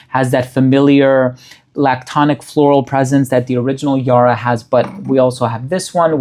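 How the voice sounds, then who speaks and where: A man talks through a fragrance review in a casual, unhurried way. He lists the scent notes one by one and sounds appreciative. His voice sits at an ordinary middle pitch for a man. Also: a little mellow. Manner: descriptive, listing scent notes in a measured, appreciative way.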